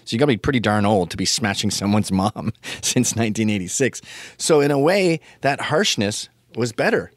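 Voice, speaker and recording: A man's voice: fairly low pitch, animated, normal speed, no room sound. A man in his fifties ranting in a casual comedy monologue, profane and opinionated. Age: 50s.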